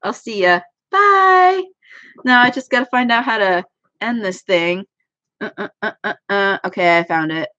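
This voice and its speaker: A woman's voice: medium pitch, moderate pace, pushed and bright. A young woman chatting casually on a livestream from home. She talks in a rambling, self-deprecating way as an anime YouTuber. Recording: dull lo-fi stream audio.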